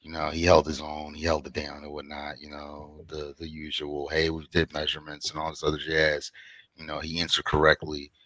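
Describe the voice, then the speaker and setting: A man co-hosting a relaxed, casual chat after a debate, laughing often and swearing freely. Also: rumbling low, a little fast, no room sound. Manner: laughs a lot, relaxed, swears, says "and whatnot". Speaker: co-host.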